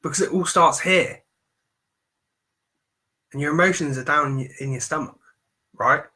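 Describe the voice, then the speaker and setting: A man gives a motivational talk over a live stream, hammering points home through emphatic repetition. His voice is bright and forceful, pitched a little above the usual for a man. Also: moderate pace. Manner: emphatic and repetitive, preaching self-affirmation. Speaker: mindset coach.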